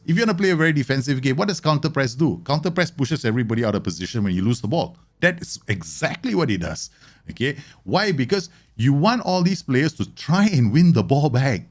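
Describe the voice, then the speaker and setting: A man hosting a live show, explaining game tactics in an animated way, laughing often and acting out imagined conversations. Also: mid-range voice. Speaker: host.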